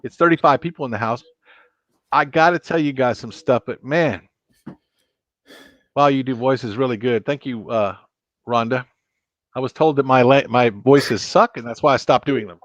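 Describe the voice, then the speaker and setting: A man with a medium-pitched voice talks at normal speed with long pauses while hosting a jokey late-night live stream. He keeps reading out viewer chat and counts, captured by a laptop mic in dry, dull lo-fi sound with no echo.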